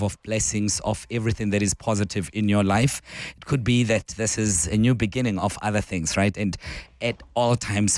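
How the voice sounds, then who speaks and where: A man with a South African accent hosting a morning radio talk show, his voice croaky and hoarse, chatting and thinking aloud. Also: on the low side, no room sound. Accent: South African English. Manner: chatty, warm greetings, thinking aloud with fillers. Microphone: studio microphone, close and dry.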